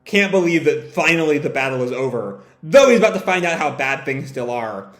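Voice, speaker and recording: A man's voice: fairly high pitch, sing-song, fairly quick, echoey room. A man hosting a live manga reading and reaction, reading the dialogue aloud in raised voices and swearing casually.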